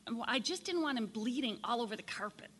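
Brief: woman volunteer voicing worn-out housewife, bright tone, sharp when pushed, slight room reverb. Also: on the high side, lively intonation, fast, slightly rough. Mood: placating. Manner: appeasing then sharp-tongued. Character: weary housewife defending herself to husband. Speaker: workshop volunteer reader. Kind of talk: reading a scripted dialogue aloud. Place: sunlit meeting room.

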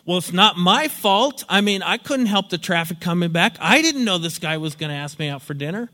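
A man's voice: sits high, lively intonation, a little fast, pushed and bright, voice pushed up. A man voicing a pleading, self-pitying male friend who makes excuses and guilt-trips. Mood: wounded. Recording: long hall reverb.

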